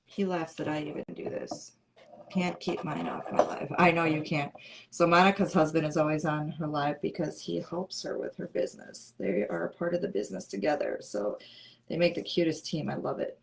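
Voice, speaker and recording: A woman's voice: sits low, fairly even intonation, normal speed, gravelly. Chatty woman hosting a craft livestream. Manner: chatty and playful, answers comments. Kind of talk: casual chat with live viewers.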